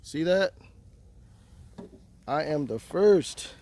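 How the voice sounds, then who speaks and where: Speaking very slowly and expressively, a man with a fairly high, darkish voice fishes by a river as snow storms around him. This vlogger talks to viewers in a relaxed outdoor style, mocking himself along the way.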